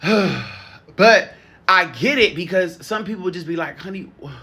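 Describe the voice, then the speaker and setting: Bright, sassy, profane man. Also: high-pitched, a little slow, slight background noise. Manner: animated, profane and sassy, laughs often. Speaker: spiritual coach. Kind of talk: casual monologue.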